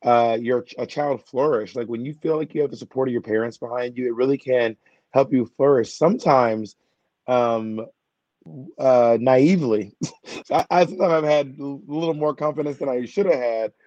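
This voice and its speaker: A man's voice: medium pitch, moderate pace, darkish tone, no echo, dull audio. A man who is a drag performer, chatting playfully as a guest in an interview, joking about himself. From United States. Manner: playful, self-mocking, talkative. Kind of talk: casual interview chat.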